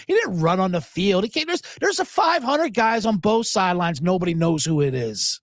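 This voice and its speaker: A man's voice: sits high, wildly swooping pitch, brisk, hardly any pauses, fairly bright tone, no room sound. A man hosting a sports podcast, ranting with profanity, chuckling asides and plenty of energy. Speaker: podcast host. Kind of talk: profane sports commentary rant.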